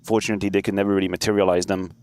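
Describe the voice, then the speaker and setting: Male color analyst, measured and dry, game noise behind. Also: low-pitched, level tone. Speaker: esports analyst. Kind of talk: color commentary and banter. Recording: noisy game audio behind. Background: game gunfire and clicks.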